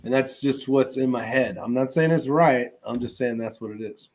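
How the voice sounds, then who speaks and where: A man's voice: mid-range voice, normal speed. A man who hosts his own livestream, reading viewer comments and answering them in a loose, rambling way. He pads his talk with fillers and small chuckles as he goes. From California. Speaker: host reading live chat. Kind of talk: casual livestream chat.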